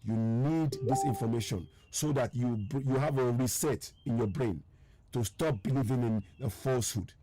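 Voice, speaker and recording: Against background noise, a man from Nigeria speaks at a moderate pace in a mid-range voice while hosting a live online broadcast. Urgent and insistent, he keeps repeating his points, though his voice sounds strained and fatigued. He names viewers and responds to their comments throughout this impassioned address.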